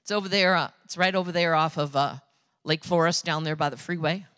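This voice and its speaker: Woman imitating a calm, firm older pastor. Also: smooth, no echo, studio quality, big-room sound. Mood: requesting. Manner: slow, low, few words.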